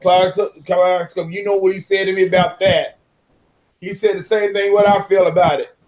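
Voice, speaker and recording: A man on a casual gaming podcast, telling animated stories about other gamers. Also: sits high, moderate pace, dull audio. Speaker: podcast co-host.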